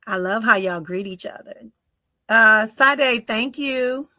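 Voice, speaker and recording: Woman spiritual medium, hosts a live-stream reading, bright and dry, goes soft and whispery often. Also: on the high side, slow, no echo. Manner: emotive, breaks into soft whispers. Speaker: spiritual medium and podcast host. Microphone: close mic for live streaming.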